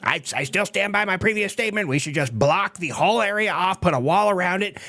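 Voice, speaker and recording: A man's voice: high voice, brisk, sharp tone. A man on a podcast with brash, crude banter and heavy swearing. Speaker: podcast co-host.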